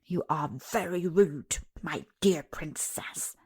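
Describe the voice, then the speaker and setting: A woman's voice: slow, darkish tone, breathy edge, heavily acted. A woman voicing an angry nursemaid who scolds a child sharply. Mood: scolding. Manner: scolding, shrill.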